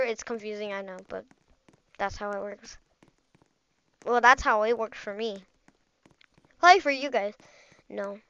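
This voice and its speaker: A woman with a high, bright voice chatters excitedly through live gameplay commentary, rambling from one thought to the next. Her voice sits close and dry, with no room sound around it. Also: clear, resonant tone, dry recording, muffled recording. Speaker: gaming channel host.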